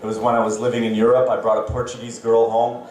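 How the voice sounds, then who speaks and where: A Canadian man in his thirties doing a stand-up set on stage, self-deprecating and halting, with many fillers. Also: mid-range voice, completely flat delivery, darkish tone, very echoey, distant mic, a little hiss or hum. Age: 30s. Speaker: stand-up comedian. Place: comedy club stage. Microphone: handheld stage mic.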